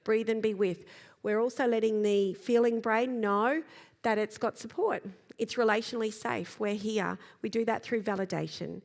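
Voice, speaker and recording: A middle-aged woman giving a calm, gentle talk on parenting to a live audience, pausing to demonstrate slow breaths and sighs. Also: a little high, vocal fry. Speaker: parenting speaker. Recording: long reverb of a large hall.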